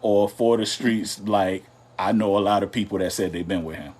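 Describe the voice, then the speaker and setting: A man's voice: fairly low pitch, moderate pace, darkish tone, breathy edge. A man co-hosting a live couples talk show, chatting casually in a loose, drawling and teasing way. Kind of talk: casual live-stream chat.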